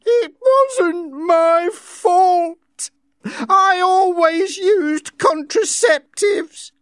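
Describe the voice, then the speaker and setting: A man's voice: fairly even intonation, a bit bright, no echo, studio quality, full character voice. A man doing a sobbing, desperate older woman. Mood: crying. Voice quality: high, strained, crying. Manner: slow, drawn-out pleading. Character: desperate aging woman, tearful and pleading.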